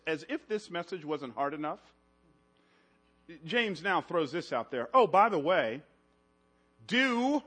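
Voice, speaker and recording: A husky-voiced man delivers a story-driven sermon, moving back and forth between loud, animated moments and soft, low passages.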